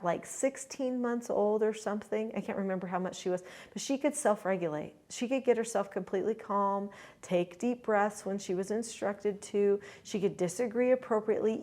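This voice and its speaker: A middle-aged woman and grandmother, a parenting coach giving an earnest, chatty talk to camera. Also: medium pitch. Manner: earnest, chatty, with lively quoted asides. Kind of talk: casual instructional talk to camera.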